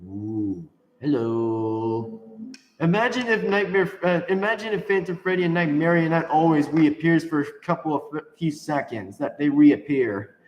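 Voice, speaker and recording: Man, playful rambling gaming commentary, quick laughs, fairly high voice, echoey room. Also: lo-fi sound. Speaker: gameplay commentator. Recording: echoey room with long reverb and faint noise.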